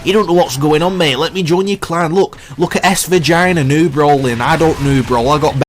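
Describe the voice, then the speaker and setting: A man's voice: a little high, a little fast, slight background noise, voice pushed up, lightly acted. A man playing a cocky young male gamer who brashly trash-talks opponents in a live game, calling everyone mate. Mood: taunting. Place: at home on a gaming mic.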